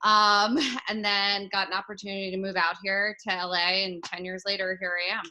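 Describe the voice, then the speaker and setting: A woman's voice: medium pitch, level tone, moderate pace, sharp tone, slight background noise. A woman in her thirties, a podcast guest, chatting and telling stories in a loose, casual way full of fillers. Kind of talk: casual storytelling.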